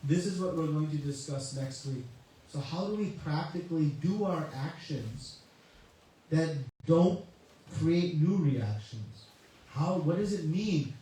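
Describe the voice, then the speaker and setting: Recorded far from the mic in a reverberant hall with faint background ambience, this spiritual teacher preaches conversationally through a story with frequent "you know" asides. He speaks in a warm, fairly high voice.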